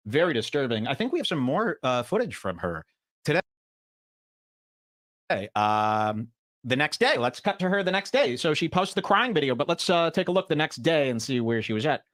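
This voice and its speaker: A man hosting a podcast who reacts to clips with sarcastic, mocking commentary. His voice sits fairly high and swings widely in pitch. He tells animated stories and mimics the people he talks about. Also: moderate pace. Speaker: podcast host.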